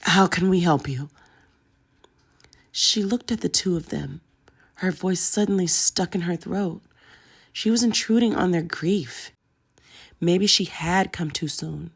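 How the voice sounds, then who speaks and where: Low, gravelly woman reading a story aloud, steady delivery. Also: measured pace. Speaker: audiobook narrator. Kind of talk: storybook narration.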